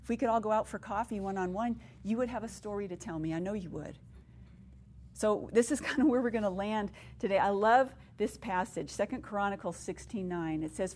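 A middle-aged woman speaking at a women's conference, telling her own story and teaching from the Bible in an animated way that acts out the people she quotes. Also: medium pitch, brisk, a little hiss or hum. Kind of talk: personal testimony and Bible teaching.

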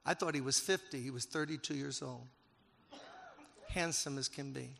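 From the pulpit, a male pastor tells a story in a gravelly, middle-pitched voice at normal speed, growing emotional and rising to loud, emphatic peaks. His sermon echoes with long reverb as in a large church hall, with slight background noise.

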